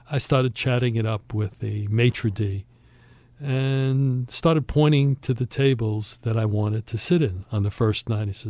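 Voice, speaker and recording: A male podcast host spins a travel anecdote with relish, slipping into the voices of the people he quotes. His voice sits at an ordinary middle pitch. The sound is close and dry, with no room around it. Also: normal speed, dry recording. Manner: animated storyteller, acts out quoted voices. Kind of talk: storytelling chat.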